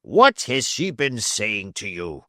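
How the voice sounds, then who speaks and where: Snarling fierce old man, voiced by a male reader, blustering, animated delivery, dry close sound. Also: fairly low pitch, slow, dry recording, exaggerated voice. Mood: angry. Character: fierce, menacing old man, loud and threatening.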